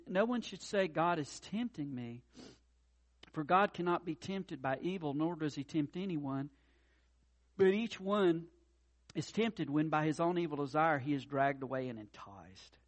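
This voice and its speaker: Preaching with earnest conviction, a middle-aged North Carolina pastor moves between quiet, low stretches and loud, fervent high points in his sermon.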